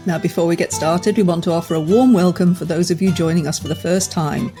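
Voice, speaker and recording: A woman co-hosting a podcast, explaining things in a measured way. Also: on the low side, dark tone, soft background music. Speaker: podcast co-host. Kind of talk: casual podcast chat.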